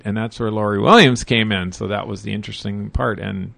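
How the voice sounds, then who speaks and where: A middle-aged man chatting as a guest, a playful, lively storyteller. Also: fairly low pitch, a little fast, vocal fry, dry recording. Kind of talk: casual interview chat.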